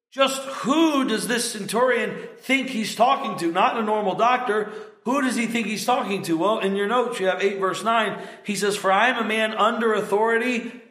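Middle-aged male pastor, high voice, unhurried delivery, emphatic sermon in an echoey sanctuary. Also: bright, forceful tone. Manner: emphatic preaching with rising stressed words and measured pauses.

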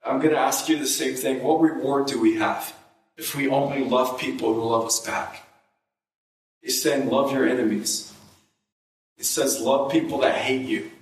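A man preaching a sermon and telling a personal story, his voice jumping up high when he gets excited. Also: moderate pace, reverberant, distant mic, low-quality recording.

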